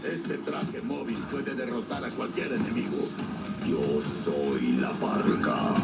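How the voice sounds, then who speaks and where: A man's voice: medium pitch, sing-song, unhurried, gravelly. An actor playing a grim, battle-hardened male mech pilot in dubbed game trailer lines, with a stern, dramatic delivery. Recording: voice over loud music. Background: loud music.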